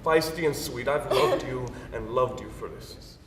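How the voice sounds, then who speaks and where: A man's voice: mid-range voice, unhurried, a crowd in the background, lightly acted. An actor on a theater stage playing a dead husband's spirit who soothes and teases his wife in her dream. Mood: soothing. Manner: soothing, playful, wistful. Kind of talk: live stage drama. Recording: roomy stage sound from a distant mic.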